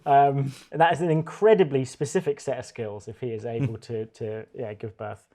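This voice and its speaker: A man's voice: mid-range voice, steady tone, moderate pace, dark tone. Guy hosting a comedy podcast, rambly and giggly, just chatting. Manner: rambling, laughs often. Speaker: podcast host. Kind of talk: casual comedic chat.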